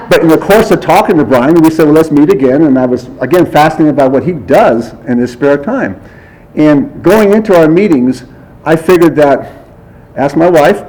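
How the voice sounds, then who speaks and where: A man speaks at a memorial service through a podium mic, sharing stories about a friend. His voice sits a little high for a man. He chats easily, acts out the exchanges, and often breaks into a chuckle. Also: a little mellow, poor audio. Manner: chatty storyteller who acts out dialogue and chuckles often. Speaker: friend giving a eulogy. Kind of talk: memorial speech, anecdotal storytelling.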